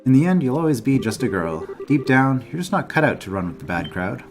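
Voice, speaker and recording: A man reading the lines of a teasing young male sky pirate in a game, offhand and teasing, in his own mid-pitched voice. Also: big pitch swings, fairly quick, faint music behind.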